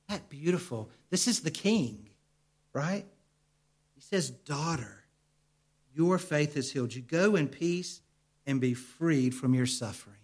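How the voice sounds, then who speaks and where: A man delivering a sermon from the pulpit with a voice a little higher than most men's. He speaks earnestly, says his key points twice and keeps asking the congregation questions. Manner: earnest, repeats key lines for emphasis. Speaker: pastor.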